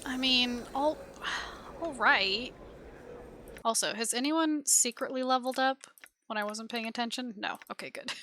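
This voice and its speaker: A young woman chats with her live-stream viewers between lines of game text, giggling and talking to herself. Her voice is bright and a little high, with a faint hiss under it. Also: normal speed. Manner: chatty, giggly asides to chat. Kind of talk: live game stream, reading dialogue aloud.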